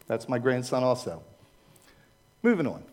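With a medium-pitched, slightly mellow voice that swings widely in pitch, an older Maryland-accented American delivers a measured, informal slide presentation to churchgoers. He chats, drifts off topic, and seeks the audience's agreement.

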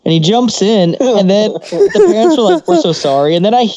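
A man's voice: high voice, very animated, normal speed, warm tone, low-quality recording. A man co-hosting a podcast, telling crude stories casually, swearing freely and laughing often. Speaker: podcast co-host.

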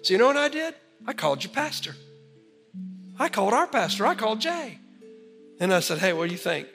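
A man with a high, bright, forceful voice preaches to his congregation and tells a story with animated energy. His voice rings through a large church hall with a long reverb. Soft instrumental music plays faintly underneath. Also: a little fast. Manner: storytelling, animated, ends in prayer. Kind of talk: sermon. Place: church sanctuary.

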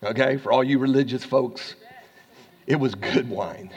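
A man with an American accent preaching a sermon as pastor, swinging from hushed asides to loud, rising lines and laughing often. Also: mid-range voice, unhurried, breathy edge, in a large hall, highs cut off.

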